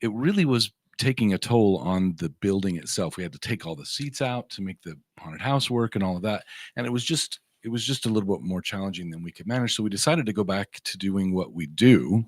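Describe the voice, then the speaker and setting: A man speaking as a guest on a radio show, his voice sitting on the low side. He explains in an easygoing, steady way. The recording is dry and close. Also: fairly quick, hardly any pauses, dry recording. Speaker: theatre company guest. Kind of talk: casual interview.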